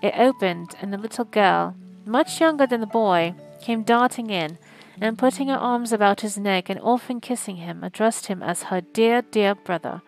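A woman reading a classic novel aloud as a live audiobook stream, in a measured, expressive way. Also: mid-range voice, vocal fry, faint music behind, low-quality recording. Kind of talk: scripted narration.

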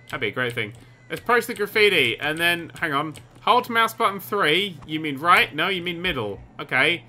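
Excitable bright-voiced gaming commentator man. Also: fairly high pitch, normal speed. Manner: excitable, sarcastic, swears. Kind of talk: let's play commentary.

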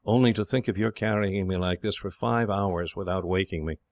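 A man voicing an exhausted, gentle young English girl who speaks softly and sighs. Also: deep voice, fairly even intonation, moderate pace, dry recording. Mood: tender. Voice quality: soft, sighing.

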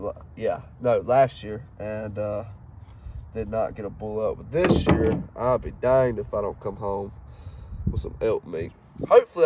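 A young man in his twenties talks with a thick Southern accent, folksy and rambling and full of fillers. His voice sits on the low side and sounds warm and mellow. He was recorded outdoors by his truck, with faint background noise. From Mississippi. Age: 20s. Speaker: hunting guide. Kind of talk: casual talk while cleaning a duck.

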